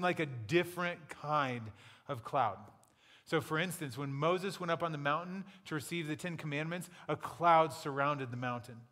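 A man's voice: fairly high pitch, a bit bright. Man preaching in a reverberant hall. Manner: conversational, playful storytelling with acted asides. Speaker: pastor. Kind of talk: sermon.

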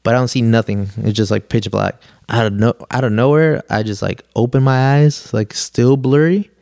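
A man's voice: medium pitch, moderate pace, vocal fry, darkish tone, no room sound, clean studio sound. A young man, a podcast guest telling a long story in a laid-back, slangy way, full of "like" and "dude". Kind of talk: casual storytelling chat.

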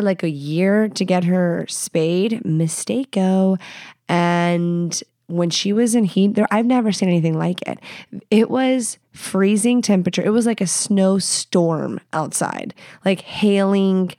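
A woman's voice: lowish voice, a little mellow, dry recording, clean studio sound. A woman in her thirties hosting her own podcast, talking in a candid, crude and self-mocking way, swearing often and peppering her speech with "like". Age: 30s. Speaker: podcast host. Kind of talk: casual solo podcast monologue.

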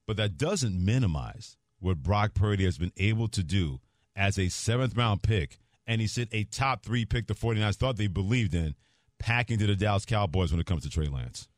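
A man co-hosting a sports talk radio show in a studio, talking in a jokey, quick patter. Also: fairly low pitch, lively intonation, dry recording.

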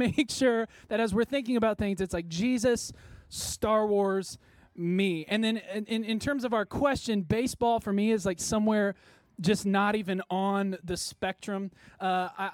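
A worship pastor from Texas gives a chatty, self-deprecating sermon to a church congregation, with many fillers and frequent laughs. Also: male voice, high-pitched, no room sound. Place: church service before a congregation.

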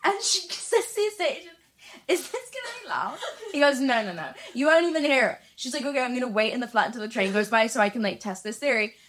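A woman's voice: fairly high pitch, lively intonation, fast talker, few pauses, a bit bright. A young woman from England hosting a podcast, telling stories in casual chat with frequent laughter and casual swearing. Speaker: podcast host.

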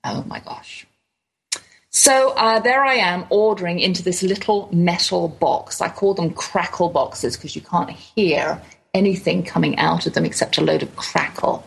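A middle-aged woman with an English accent, hosting a radio show and telling a chatty, animated story. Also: lowish voice, normal speed, vocal fry, husky, low-quality recording. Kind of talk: casual storytelling monologue.

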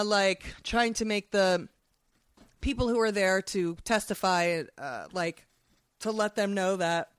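A woman's voice: medium pitch, fairly bright tone, smooth, dry recording, clean studio sound. A woman co-hosting a comedy podcast, chatting in a loose, rambling way. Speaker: podcast co-host. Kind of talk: casual comedic chat.

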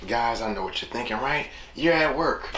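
A man's voice: medium pitch, normal speed. A man hosting a casual solo talk show, rambling in slang and acting out little quotes. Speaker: podcast host. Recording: echoey room with steady noise.

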